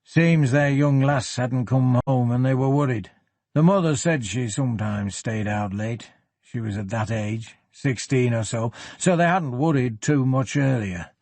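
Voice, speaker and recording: A man voicing a gruff older police superintendent with a Yorkshire accent, blunt and unhurried, in an audiobook. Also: medium pitch, a little mellow, dry recording. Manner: blunt, unhurried, plain-spoken.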